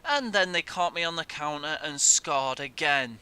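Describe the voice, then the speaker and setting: A man's voice: moderate pace, hardly any pauses, pushed and bright, clear, resonant tone. A young man giving casual gameplay commentary, swearing in frustration at the game. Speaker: gaming YouTuber. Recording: faint noise and low rumble.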